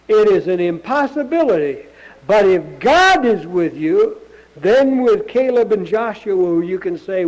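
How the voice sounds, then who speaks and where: High-voiced man preaching a sermon. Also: a little mellow, rough recording. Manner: conversational preaching with rhetorical questions. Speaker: pastor.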